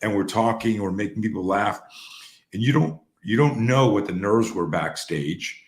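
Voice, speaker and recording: A man with a very low voice tells stories casually and with energy. He restarts his sentences often and swears freely. He sounds like he is in a roomy space with a clear echo. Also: moderate pace. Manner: animated, profane, restarts often. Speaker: host. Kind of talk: casual storytelling talk.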